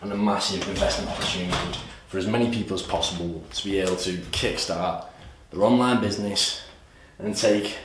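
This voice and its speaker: A man giving an energetic, salesy course pitch at a whiteboard, often repeating himself. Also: a little fast, few pauses. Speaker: course presenter. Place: room with a whiteboard. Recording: echoey room, distant mic, faint hiss.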